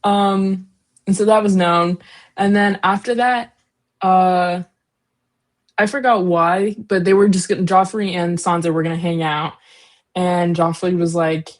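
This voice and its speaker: A woman's voice: fairly low pitch, steady tone, a little slow. A woman co-hosting a casual book discussion podcast, recapping chapters in a rambling, slangy way full of fillers and giggles. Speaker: co-host, daughter.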